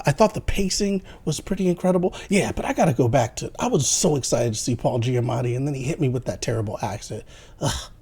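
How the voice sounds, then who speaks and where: A man in a whispered role-play, giving a playful, jokey movie review in a hushed voice. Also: medium pitch, vocal fry, slightly rough.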